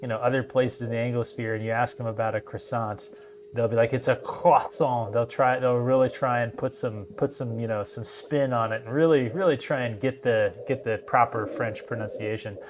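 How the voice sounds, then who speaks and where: A man's voice: mid-range voice, fairly even intonation, a little fast, slight background noise. A man chatting casually with friends, rambling through a story and laughing often. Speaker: podcast host. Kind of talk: casual chat.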